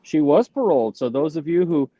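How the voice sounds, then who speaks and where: A man in a casual comedians' chat, chatty and quick to laugh, with stammering restarts. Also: fairly high pitch, expressive, mellow, dry recording. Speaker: comedian panelist. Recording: dull dry call audio.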